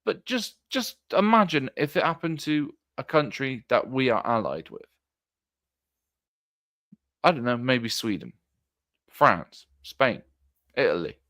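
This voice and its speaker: Guy on a livestream, slow and earnest, stops and restarts a lot, voice rising and falling a lot. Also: medium pitch, big pitch swings, fairly bright tone, dry recording, studio quality. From Britain. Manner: earnest and emotional, halting with restarts. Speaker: political streamer. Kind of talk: livestream commentary monologue.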